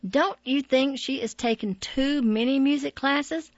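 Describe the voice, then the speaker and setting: A woman's voice: high voice, unhurried, no echo, voice pushed up. A woman voicing a strict schoolteacher who speaks in a firm, commanding way in a storybook reading. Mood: sharp. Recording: dull, dry lo-fi audio.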